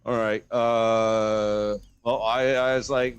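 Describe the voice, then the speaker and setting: A man's voice: fairly low pitch, flat delivery, takes it slowly, clean tone. A man playing a tabletop role-playing game, casual and hesitant, repeating words as he decides. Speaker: player.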